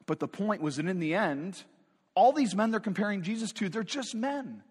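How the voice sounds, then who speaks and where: A man's voice: high voice, brisk, a little mellow, slightly rough. A man preaching a sermon as pastor, talking in a conversational but emphatic way and asking the congregation rhetorical questions. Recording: long reverb of a large hall.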